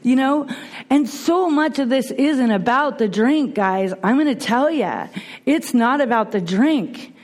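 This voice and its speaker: A woman's voice: sits high, a little slow. A middle-aged woman speaking earnestly and animatedly as a speaker at a recovery meeting, with many restarts. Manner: earnest, animated, frequent restarts and you-knows. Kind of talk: personal testimony talk.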